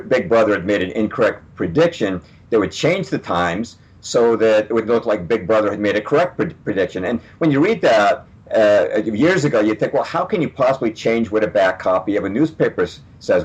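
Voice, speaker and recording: A man being interviewed on radio as a guest author, explaining at a measured pace with frequent fillers. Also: on the low side, slightly rough, highs cut off.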